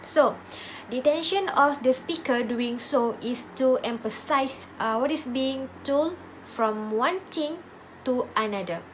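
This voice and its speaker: Female student presenter, slow, hesitant, somewhat high-pitched. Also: a little hiss or hum, poor audio. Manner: hesitant, with many fillers and restarts. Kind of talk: class presentation.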